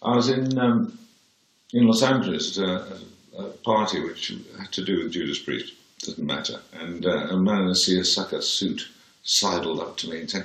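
A very low-pitched Englishman in his seventies speaks with a plummy accent. He tells anecdotes in a dry, blunt way, and his voice rings in an echoey room. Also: lively intonation, normal speed, a bit bright. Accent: posh English, Birmingham-born. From England. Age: 70s. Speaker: interview guest. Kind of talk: anecdotal interview.

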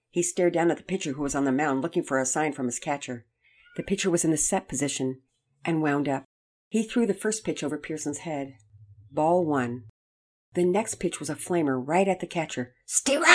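A woman narrating a children's storybook in a measured, gentle read-aloud manner. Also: low voice.

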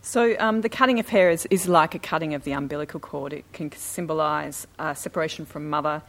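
A woman co-presenting slides to an audience, lively, emphatic and conversational. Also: deep voice, a little fast. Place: talk before an audience.

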